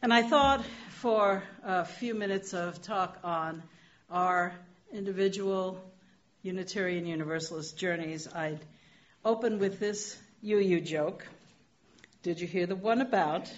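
A woman minister giving a sermon in a church, telling a gentle joke with dry humor before turning to reflection. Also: on the low side, a little slow. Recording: dull lo-fi recording.

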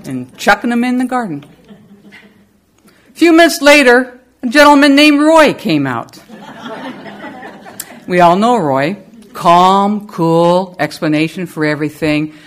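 A middle-aged woman giving a lively, storytelling spiritual talk to a congregation. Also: unhurried, pauses often. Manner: lively storyteller with animated pitch. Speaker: service leader.

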